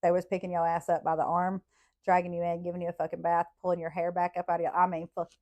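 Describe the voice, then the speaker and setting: A woman, a podcast host telling childhood stories in a blunt, profane, animated way. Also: fairly low pitch, fast talker. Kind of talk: casual storytelling.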